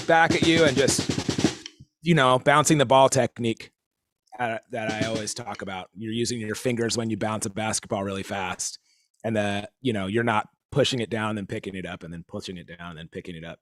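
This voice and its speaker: A man's voice: mid-range voice, fairly bright tone, slight background noise. A man giving a casual live-streamed drum lesson, rambling and easygoing, with lots of fillers. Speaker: drum teacher.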